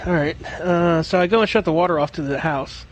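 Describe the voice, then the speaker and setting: A man's voice: fairly high pitch, fast talker, a little hiss or hum. A man who works as a plumber, telling a long job story in casual, profane chat on a podcast. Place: remote podcast call.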